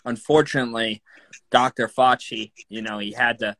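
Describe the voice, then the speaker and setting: A man's voice: mid-range voice, moderate pace, no echo, low-quality recording. A man hosting a casual live stream, teasing his guest and reacting with laughing disbelief. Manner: incredulous, laughing, deadpan teasing. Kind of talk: casual comedic chat.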